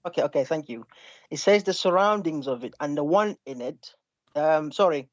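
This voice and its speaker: A man calling into a live online debate, hesitant and restarting often, asking the other side to slow down. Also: fairly high pitch, lively intonation, no room sound, highs cut off. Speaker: caller in a debate.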